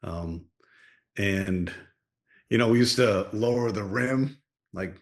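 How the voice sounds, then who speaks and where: A man appearing as a guest on a podcast, reminiscing in relaxed casual chat with lots of fillers. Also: lowish voice, takes it slowly.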